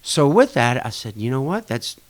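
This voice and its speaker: This podcast guest, a restaurant association chair, spins a long anecdote in a relaxed storytelling interview. His delivery is animated and at normal speed, with his voice rising and falling as he plays out the conversations.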